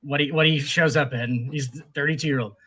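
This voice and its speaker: A man's voice: on the high side, steady tone, fairly quick, pushed and bright, breathy edge. A man co-hosting a sports podcast, telling stories in a rambling, profane, casual way. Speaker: podcast co-host.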